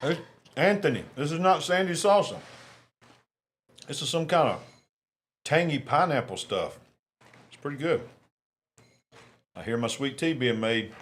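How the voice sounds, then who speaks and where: A man's voice: on the high side, lively intonation, measured pace, long pauses, a bit bright. Man, live stream host, casual chatty talk, munching between lines. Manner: chatty, eating and reading viewer comments on air. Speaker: livestream host. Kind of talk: casual live election-night chat.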